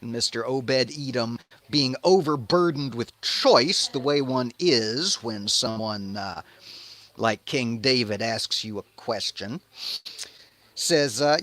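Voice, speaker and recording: A man's voice: medium pitch, takes it slowly, a bit bright, no room sound. A man hosting a casual livestream commentary, sardonic and profane, mocking as he talks. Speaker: host.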